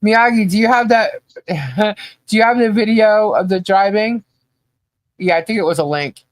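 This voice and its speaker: A woman's voice: medium pitch, moderate pace, dry recording. A woman co-hosting a podcast, chatty and scattered as she hunts for a video, laughing often. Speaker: podcast co-host. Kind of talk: casual chat.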